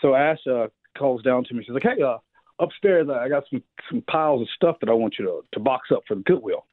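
A man of about fifty telling funny family stories in a casual chat, co-hosting a show and jumping higher whenever he quotes someone. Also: brisk, no room sound. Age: 50s. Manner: animated storyteller, jumps higher for quoted voices. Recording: tinny phone-like radio sound.

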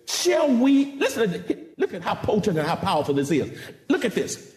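Preaching man, lively and echoey. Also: high voice, normal speed. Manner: dramatic, rising to shouts, call-and-response. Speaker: pastor. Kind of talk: sermon.

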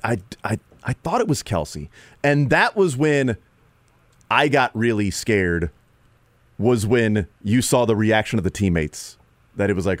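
A man with a fairly low voice hosts sports talk radio, rambling through his points in a loose, animated way. The sound is dry and close, with no room around it. Now and then he jumps up in pitch to mimic a player. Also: unhurried, dry recording.

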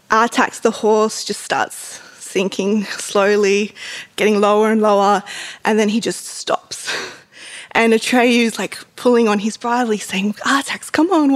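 A woman, an author, chatting casually about books in a giggly way with lots of fillers. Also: mid-range voice. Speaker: author and book vlogger. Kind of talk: casual book chat and reading aloud.

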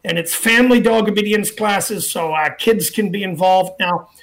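A middle-aged radio talk show host who also trains dogs chats in a relaxed, high-pitched voice. He repeats numbers slowly and fills his casual talk and promotion with plenty of fillers.

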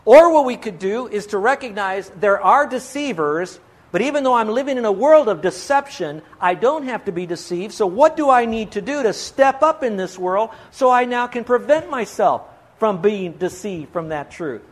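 An earnest pastor with a notably high voice for a man preaches from a church pulpit. He pleads with his listeners and presses them with questions, lifting and dropping his pitch in a lively way. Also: moderate pace. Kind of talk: sermon.

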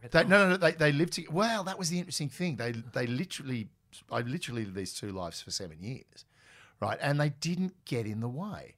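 A middle-aged man, a guest telling animated stories in a conversation. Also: medium pitch, a little fast. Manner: animated, lively anecdotes with quoted dialogue. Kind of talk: storytelling in a conversational interview.

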